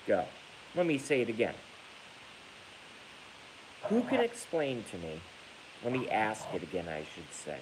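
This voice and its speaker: Angry ranting host, low voice, drawn-out delivery, faint hiss behind. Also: male voice, wildly swooping pitch. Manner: angry, profane, breaks into laughter. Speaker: livestream host reading viewer comments. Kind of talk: ranting livestream monologue.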